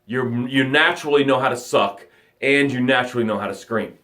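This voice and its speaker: On a live motivational broadcast, a man coaches with vivid stories and repeated phrases, swinging between loud outbursts and hushed words. His voice is mid-range and a little fast.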